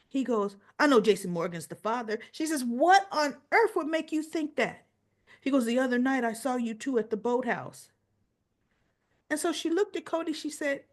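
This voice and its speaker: A woman with a high voice, speaking at a moderate pace, hosts a casual soap opera recap. She's an animated storyteller who retells scenes and acts out the characters' quoted lines.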